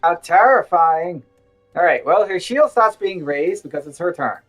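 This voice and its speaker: Woman, tabletop player, chatty, wry, animated pitch. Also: normal speed, faint music behind. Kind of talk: tabletop game play.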